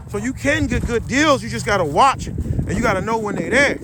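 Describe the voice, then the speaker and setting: A man's voice: high voice, lively intonation, a little fast. A middle-aged man, a dog breeder, giving blunt, slangy, preachy advice in an outdoor vlog rant. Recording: loud wind and boat noise.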